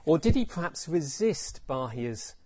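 A man's voice: fairly high pitch, sing-song, unhurried, a little mellow, breathy edge. A man giving a reflective dharma talk as teacher, repeating phrases and asking rhetorical questions.

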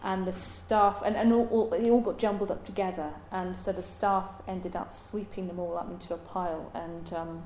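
A woman giving a Buddhist dharma talk in a halting, thoughtful way, with many pauses and ums. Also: on the low side, fairly even intonation, a little mellow, slight background noise. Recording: roomy echo.

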